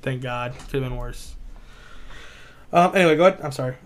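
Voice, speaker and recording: A man's voice: medium pitch, brisk. A man casually retelling a spooky story, rambling with lots of filler words and swearing. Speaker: podcast co-host.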